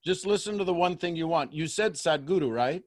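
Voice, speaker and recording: A man coaching someone on a call, pressing with quick rhetorical questions. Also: fairly high pitch.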